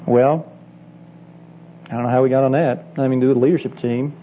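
Speaking briskly in a medium-pitched voice with fairly even intonation, a middle-aged Bible college teacher gives church leaders an emphatic, heartfelt conference sermon. He weaves in personal stories and appeals directly to listeners, all on dull, lo-fi tape carrying a faint hum.

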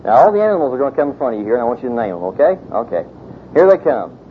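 A man's voice: medium pitch, very animated, very fast, slight background noise, close to an everyday voice. A man voicing God as a plainspoken, fatherly figure, told in a casual folksy way. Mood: gentle, matter-of-fact. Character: God, kindly fatherly male deity. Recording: tinny phone-like sound.

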